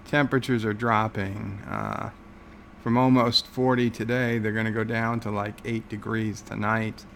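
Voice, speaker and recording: Male livestream host, gravelly, slow-talking, sarcastic rambler, faint hum in the room. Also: lowish voice, level tone, fairly bright tone. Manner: rambling, sarcastic, many filler words. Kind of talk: casual livestream chat.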